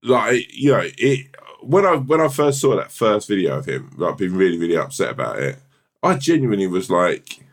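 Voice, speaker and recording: A man's voice: lowish voice, sing-song, normal speed. A man co-hosting a podcast in casual chat, rambling and swearing often with lots of restarts. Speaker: podcast co-host.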